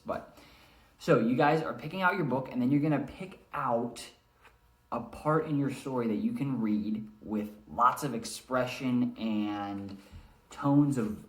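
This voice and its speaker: A male teacher giving a recorded reading lesson, explaining and demonstrating how to read aloud. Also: medium pitch. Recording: echoey room.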